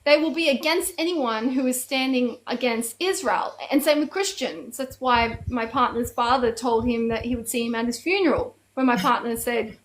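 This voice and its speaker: Woman, high voice, fervent co-host, repeats points in quick bursts. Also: low-quality recording. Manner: fervent, repeats phrases, speeds up. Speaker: co-host of a live chat. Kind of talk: passionate casual chat.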